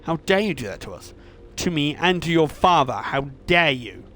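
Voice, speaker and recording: A man voicing a furious, snobbish middle-aged mother scolding her child in a shrill, indignant tone. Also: moderate pace, soft background music, lightly acted.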